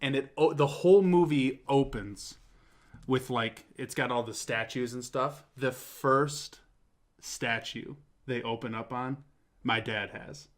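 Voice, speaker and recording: Excitable man telling a movie story. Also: medium pitch, takes it slowly. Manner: excitable, swearing, animated storytelling. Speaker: talk show co-host. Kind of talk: casual chat.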